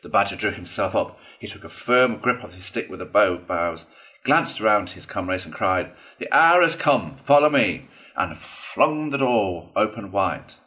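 A man narrating a classic children's storybook in an expressive read-aloud style. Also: low-pitched, moderate pace. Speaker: audiobook reader.

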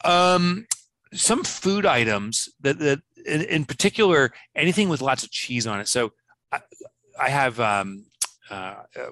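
A man in his fifties talks casually as an interview guest, animated, laughing easily and acting out little quotes. His voice sits at a middle pitch and sounds dry and close, with no room around it. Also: unhurried, dry recording. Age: 50s. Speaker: guest, business author.

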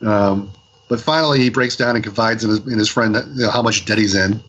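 A man co-hosting a podcast, recapping a story in a rambling casual way, full of fillers and quick lively voices for the people he quotes. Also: on the low side, slight background noise, rough recording. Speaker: podcast co-host reviewing comics. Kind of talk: casual chat.

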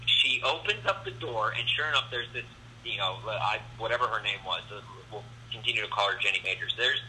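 A man with a very bright, sharp voice tells a story in a casual podcast chat. He is animated and acts out the voices, with a faint hum of noise behind him. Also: fairly low pitch, fairly quick, rough recording. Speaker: guest comedian.

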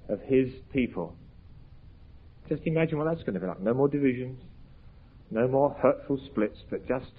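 A man's voice: mid-range voice, husky. A man preaching an evangelistic sermon, earnest and pleading, pressing his listeners with questions. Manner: earnest, pleading, rising to emphatic peaks. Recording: tinny, phone-like lo-fi recording.

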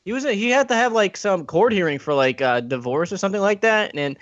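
A man's voice: high-pitched, lively intonation, quick pace, a bit bright, dry recording, highs cut off. A man co-hosting a casual podcast, joking around and mimicking others. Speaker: podcast co-host. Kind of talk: casual chat.

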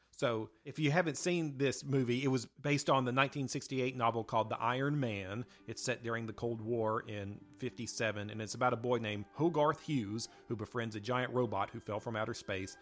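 A man's voice: mid-range voice, fairly bright tone. Enthusiastic man co-hosting a chat show. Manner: enthusiastic, rambling with fillers. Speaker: podcast co-host. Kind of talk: casual chat.

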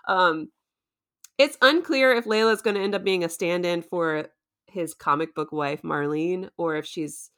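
A woman's voice: lowish voice, measured pace, a bit bright. A woman recapping a show in casual chat, chatty and playful, laughing often. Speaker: co-host.

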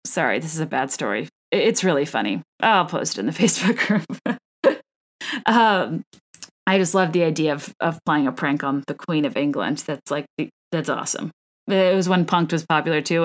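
A woman's voice: sits low, expressive, moderate pace. A woman hosting a solo podcast, chatting about celebrity gossip in a rambling way with many asides. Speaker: podcast host.

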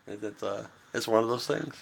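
A man's voice: lowish voice, brisk, gravelly, breathy edge. A man hosting a podcast, chatting casually, joking and swearing freely. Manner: joking, swears freely, quotes film lines. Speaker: podcast host. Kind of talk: casual chat.

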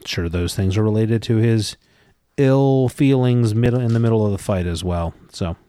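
A man's voice: lowish voice, moderate pace, mellow, no room sound. A man co-hosting a podcast, chatting about a book in an easygoing, agreeable way. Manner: easygoing, agreeable, frequent "yeah". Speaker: podcast co-host. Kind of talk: casual book discussion.

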